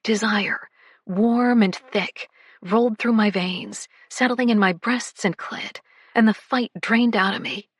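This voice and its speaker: A woman narrating a first-person romance audiobook, breathy and often slipping into whispers. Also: fairly high pitch, takes it slowly, dry recording, clean studio sound.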